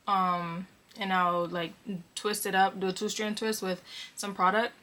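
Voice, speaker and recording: A young woman from Connecticut, chatting casually as she answers viewer questions for her vlog, relaxed and filled with ums. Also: mid-range voice. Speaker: vlogger. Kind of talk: casual Q&A chat.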